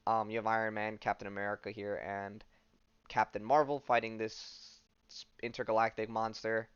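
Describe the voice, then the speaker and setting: Smooth-voiced man rambling through a podcast recap. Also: fairly low pitch, no room sound, muffled recording. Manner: rambling, loose delivery full of fillers. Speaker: podcast host. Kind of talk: casual comic book recap.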